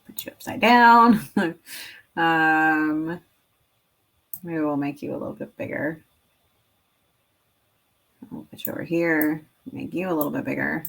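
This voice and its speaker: Slow, gravelly-voiced woman musing aloud. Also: sits low. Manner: rambling, musing aloud with fillers, drifting into soft whispers. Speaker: teacher-creator making classroom activities. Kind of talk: casual work-with-me chat.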